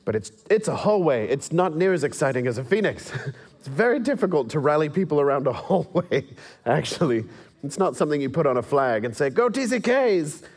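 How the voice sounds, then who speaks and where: A man's voice: on the high side, lively intonation, fairly quick, a little mellow, husky. A man with a mixed English and American accent, giving a talk with slides, self-deprecating and wry, laughing now and then as he tells stories. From England. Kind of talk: presentation to an audience with slides.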